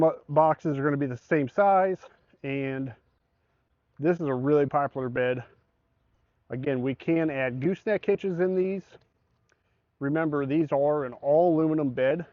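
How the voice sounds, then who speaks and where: A man of middle pitch walks through a product in a relaxed, conversational way, explaining specifications plainly as a salesman. The sound is slightly dull and dry, with little room echo. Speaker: truck bed salesman. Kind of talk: casual product walkthrough.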